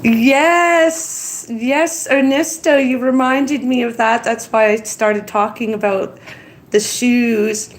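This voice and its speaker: Slow, tired woman chatting on a live stream. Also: a little high, fairly even intonation, slight background noise, rough recording. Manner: rambling, chatty, reads viewer comments aloud. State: tired after crying. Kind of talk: casual live-stream chat.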